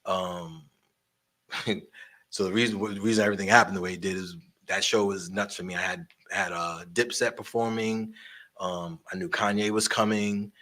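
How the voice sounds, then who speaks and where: A man telling animated stories about promoting shows, swearing freely and acting out the voices of the people in them. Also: low-pitched, moderate pace. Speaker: guest storyteller, concert promoter and barber. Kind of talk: casual storytelling interview.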